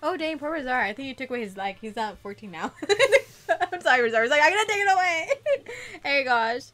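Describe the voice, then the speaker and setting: A woman's voice: fairly high pitch, animated, very fast, sharp tone, soft background music. A young woman with a stuffy nose, chatting and laughing through a casual gaming stream. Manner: giggly, dramatic outbursts while playing.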